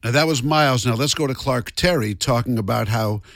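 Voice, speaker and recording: A man's voice: mid-range voice, a little fast, gravelly, a bit bright, slight background noise. A man hosting a radio program, introducing and explaining archive clips in a plain way. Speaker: radio host.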